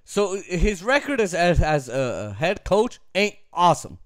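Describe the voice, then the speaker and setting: High, animated man ranting about football. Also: unhurried, no room sound, clean studio sound. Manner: emphatic, repetitive, laughs easily. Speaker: sports commentator. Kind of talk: opinionated sports talk rant.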